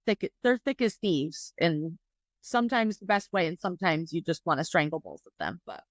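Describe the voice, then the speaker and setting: A woman's voice: fairly low pitch, animated, normal speed, no room sound. A woman from New York State hosting a podcast interview, chatty and upbeat with lots of casual fillers. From New York State, USA. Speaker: podcast host.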